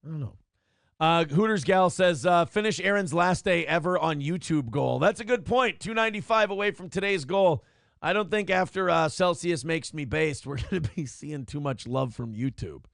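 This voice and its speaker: A man's voice: on the high side, normal speed, gravelly, no echo, studio quality. A man co-hosting a streamed talk show, chatting in loose, profane banter and slipping into joke voices. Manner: animated, swings into jokey put-on voices.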